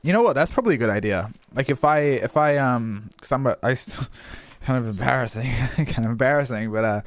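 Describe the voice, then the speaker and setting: A man's voice: medium pitch, animated, a little fast, dry recording. A young man chatting casually on a livestream, laughing often, swearing and restarting his words. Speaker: streamer.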